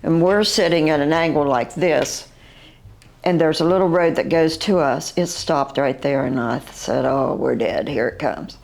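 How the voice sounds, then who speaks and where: An older woman with a West Virginian accent, recounting her own encounter as an eyewitness in a halting, vivid way, with fillers and restarts. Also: sits low, darkish tone.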